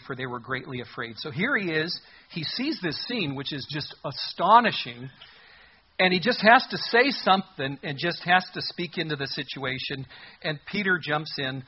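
Husky-voiced male preacher, lo-fi. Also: on the high side. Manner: conversational preaching with humor and scripture reading. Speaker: pastor. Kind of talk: sermon.

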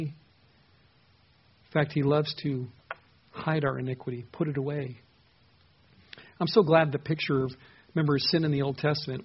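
A man's voice: a little high, husky, muffled recording. A man teaching a Bible passage verse by verse as a pastor, conversational and asking his listeners questions. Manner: conversational, asks the listeners questions, repeats words.

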